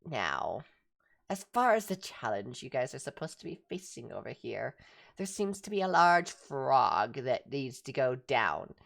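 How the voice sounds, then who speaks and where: A woman's voice: very deep voice, big pitch swings, unhurried, vocal fry, full character voice. A woman voicing a chatty, hungry male cat who rambles about food and guards his territory. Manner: rambling, easily distracted by food.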